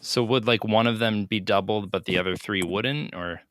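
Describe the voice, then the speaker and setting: A man's voice: lowish voice, moderate pace, fairly bright tone, dry recording. A man hosting an interview, asking short, curious follow-up questions. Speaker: podcast host.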